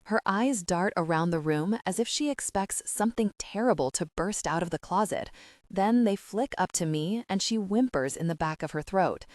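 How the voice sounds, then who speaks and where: A woman narrating a dark romance audiobook in the first person, with a steady, intimate, measured reading. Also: on the low side, no room sound, clean studio sound.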